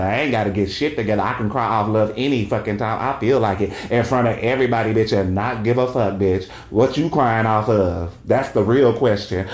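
A man holds forth in a loud, profane monologue, breaking into laughter and tossing "okay?" after his points. His voice sits at a middling pitch. The room around him is roomy and echoey. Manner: brash, profane, emphatic; jumps into high falsetto for quoted bits. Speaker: podcaster. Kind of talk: casual monologue rant. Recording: roomy echo.

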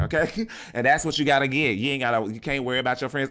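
A man's voice: medium pitch, expressive, quick pace, hardly any pauses, fairly bright tone. A man hosting a podcast, delivering a casual motivational monologue in a blunt, profane way and often tossing in "okay?". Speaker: podcast host.

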